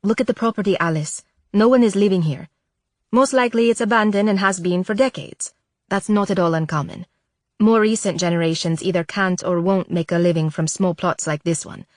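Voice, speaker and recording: A woman narrator voicing a patient, reassuring woman who guides a visitor through family history, in a calm, gently persuasive tone. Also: medium pitch, a little fast, no room sound, clean studio sound, lightly acted.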